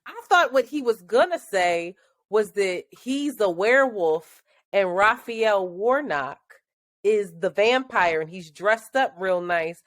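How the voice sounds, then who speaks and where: A woman co-hosting a podcast in casual chat, animated and laughing as she talks. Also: medium pitch, slow, no room sound, clean studio sound. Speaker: podcast co-host.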